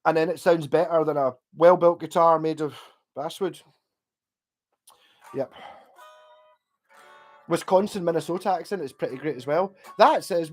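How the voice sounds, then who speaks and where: Rambling Scottish man, slightly high voice. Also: moderate pace, long pauses, faint music behind. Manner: rambling, with frequent restarts and swearing. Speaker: livestream host. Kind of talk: casual livestream chat.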